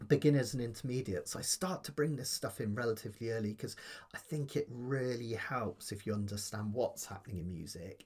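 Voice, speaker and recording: Chatty man with a husky voice. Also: mid-range voice. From United Kingdom. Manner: chatty, reads viewer comments, many fillers. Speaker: ukulele teacher. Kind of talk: live-streamed lesson chat.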